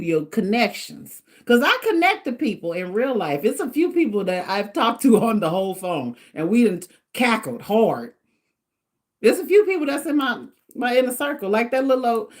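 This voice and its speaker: A middle-aged woman hosting a casual livestream, chatting in an animated way and laughing often. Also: mid-range voice. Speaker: livestream host.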